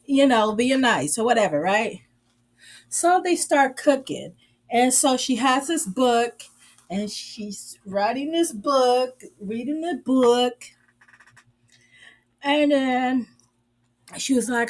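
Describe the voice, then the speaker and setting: Slow, sassy woman recapping a show. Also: fairly high pitch. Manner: sassy, sarcastic, drawling storyteller. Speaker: reviewer. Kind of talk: casual recap and commentary.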